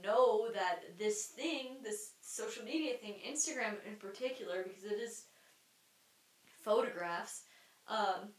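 A woman's voice: medium pitch, a little slow. A young adult woman hosting a solo podcast, talking in a candid, rambling way with lots of fillers, restarts and casual swearing. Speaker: podcast host. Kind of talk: solo stream-of-consciousness podcast monologue. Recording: roomy sound, mic at a distance.

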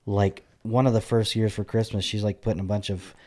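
A man in his thirties, a father, co-hosting a podcast in casual chat, blunt and crude with dark jokes. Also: lowish voice, level tone, fairly quick. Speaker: podcast co-host.

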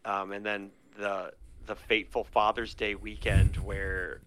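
A man co-hosting a podcast, rambling excitedly with lots of fillers in casual chat. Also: fairly low pitch, unhurried, clear, resonant tone. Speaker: podcast co-host. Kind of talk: casual chat about a card game.

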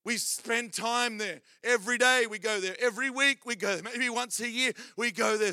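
A man preaching a sermon as pastor, telling a story with humorous asides and building to loud calls to the church. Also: sits high, steady tone, normal speed, few pauses, smooth, dry recording, studio quality.

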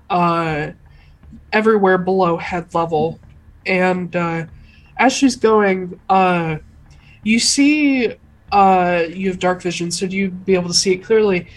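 Woman, game master, unhurried narration, frequent pauses, tabletop game. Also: on the low side, rough recording. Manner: unhurried, hesitant, many filler pauses.

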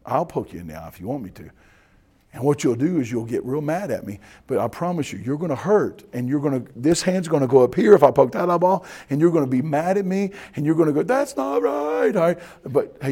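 A man preaching a sermon as pastor, folksy and animated, often asking his listeners if they are ready. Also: mid-range voice, fast, husky.

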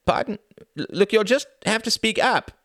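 A man voicing an earnest, slightly naive gentleman who stammers and hesitates. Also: high-pitched, lively intonation, moderate pace, no echo, clean studio sound, pitched above the performer's own voice, heavily acted.

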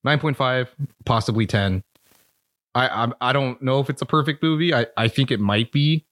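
A male podcast co-host giving his take on a film in relaxed, profane conversation. He hesitates a lot and laughs easily. His voice is mid-pitched and recorded close and dry. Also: no echo. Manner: laid-back, profane, hesitant with fillers and laughs. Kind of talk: casual film review chat.

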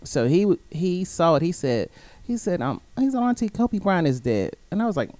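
A woman's voice: lowish voice, big pitch swings, normal speed, warm tone, dry recording. A woman co-hosting a podcast, telling a story in a matter-of-fact casual way. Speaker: podcast co-host. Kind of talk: casual chat.

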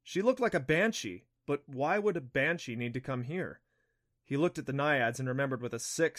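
Man narrating an audiobook steadily. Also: mid-range voice. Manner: steady storytelling.

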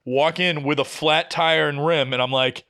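A young man, telling a story on a podcast in casual, animated style, swearing often and acting out the people he quotes. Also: on the high side, moderate pace, clear, resonant tone. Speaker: podcast co-host.

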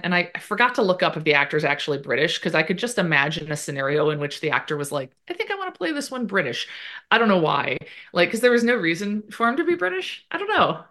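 Bright-voiced woman chatting casually. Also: on the low side. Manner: chatty, acts out characters' lines in quick quoted bits. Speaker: podcast co-host. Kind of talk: casual chat recapping a TV episode.

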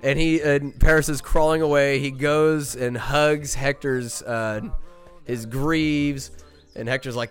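A podcast host recaps a movie with loose, rambling enthusiasm, piling on fillers and quick jokes. His voice sits at a middling pitch. Faint music plays underneath. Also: fairly even intonation, clear, resonant tone.

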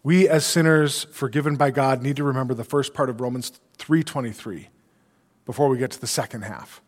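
A man's voice: mid-range voice, fairly quick, big-room sound. A male pastor delivering an earnest sermon, quoting scripture and asking rhetorical questions.

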